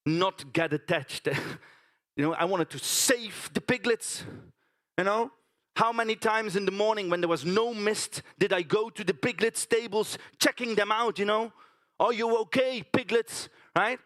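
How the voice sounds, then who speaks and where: A man's voice: high-pitched, normal speed, fairly bright tone. A man performing a theatrical storytelling monologue on a conference stage, chatting to the audience with tag questions.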